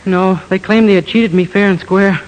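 A man's voice: sits high, fairly even intonation, moderate pace, natural voice. A man playing a naive, bumbling young man in a 1940s radio comedy, cheerful and scatterbrained. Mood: sheepish. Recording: hissy old radio broadcast.

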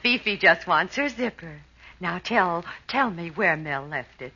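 A woman doing a cooing, bright-voiced showgirl. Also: lowish voice, lively intonation, measured pace, breathy edge, exaggerated voice. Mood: coaxing. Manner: coy and cooing, turning sharp and bossy. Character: sultry demanding showgirl customer. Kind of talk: vintage radio comedy acting. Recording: muffled old radio recording with hiss.

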